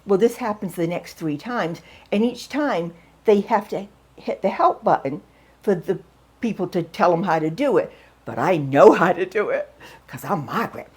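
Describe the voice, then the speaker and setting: A woman in her sixties from New England telling stories in a casual home vlog, excitable and quick to laugh. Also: lowish voice, breathy edge. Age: 60s. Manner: excitable, laughs often, acts out voices in stories. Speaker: vlogger. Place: at home, drying her hair.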